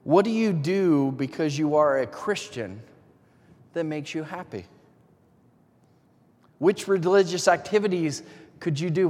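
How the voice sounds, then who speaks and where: A man's voice: a little high, darkish tone. A man preaching a sermon as a pastor, talking in a conversational way, asking many questions with light chuckles. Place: church sanctuary. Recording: long reverb of a large hall.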